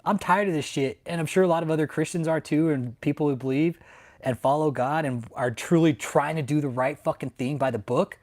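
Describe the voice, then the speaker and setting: This channel host, a Texan broadcasting from his San Antonio home, rants on a live stream in a rage, heavy with profanity and repeated threats. His voice is on the high side and darkish, moving fairly quickly.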